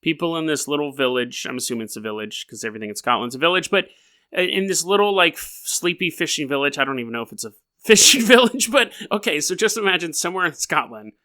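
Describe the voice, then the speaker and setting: A man's voice: on the high side, lively intonation, fast, bright, forceful tone. A young adult man hosting a podcast, telling a story casually with rambling, jokey asides. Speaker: podcast host.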